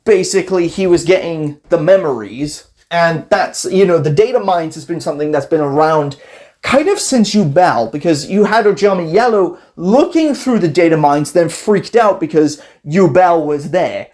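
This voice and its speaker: This is a casual, rambling commentary voice, animated and easily amused, that acts out scenes from a card game story with quick quoted voices. The pitch sits in a middle range.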